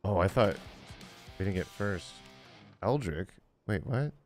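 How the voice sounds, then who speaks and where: Man, 40s, game streamer, tired, lowish voice, loose rambling chat. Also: expressive, takes it slowly, faint music behind. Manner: rambling, many fillers, chuckling often. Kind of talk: casual gaming livestream chat.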